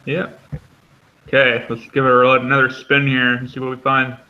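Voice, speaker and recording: A man co-hosting an online trading show, explaining coin background in a flat, halting way with many ums and uhs. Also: mid-range voice, lo-fi sound. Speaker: co-host running the chart segment. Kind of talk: casual explanatory talk.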